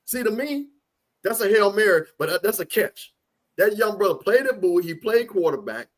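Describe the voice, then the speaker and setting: Sports co-host, male, high-pitched, plainspoken, hammers his points. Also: sing-song, moderate pace. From Louisiana. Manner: blunt, opinionated, repeats points for emphasis. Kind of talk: casual sports talk.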